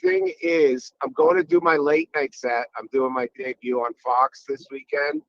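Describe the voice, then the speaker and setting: A man telling crude stories in a loose podcast chat, quick to jump into other voices. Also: medium pitch, no room sound, dull audio. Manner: crude, animated storytelling with quick voice switches. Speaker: guest comedian.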